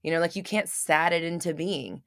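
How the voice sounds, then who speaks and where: Speaking at a moderate pace, this woman has a voice on the low side with a slight brightness, recorded in a clean studio with no room sound. She hosts a live show where she answers listeners in casual, frank chat, often swearing, full of fillers and restarts, and acting out little scenes in quoted voices.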